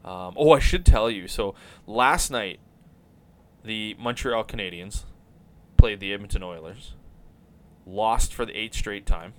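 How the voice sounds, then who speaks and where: A man hosting a podcast, talking casually about hockey in an animated, rambling way and swearing now and then. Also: fairly low pitch, measured pace, long pauses, slight background noise. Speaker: podcast host.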